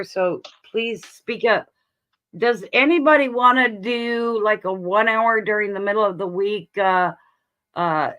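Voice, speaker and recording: A woman's voice: mid-range voice, a bit bright, lo-fi sound. A woman hosting a casual livestream, speaking earnestly about her faith and laughing easily. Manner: earnest, sharing personal faith, breaks into laughs. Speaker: livestream host.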